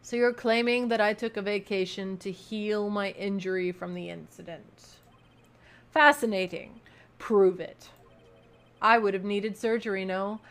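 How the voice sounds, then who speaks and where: A woman voicing a stern, arrogant older male prosecutor from a game, haughty and quietly scornful. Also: medium pitch, fairly even intonation, a little slow, clear, resonant tone, natural voice. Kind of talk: reading game dialogue aloud.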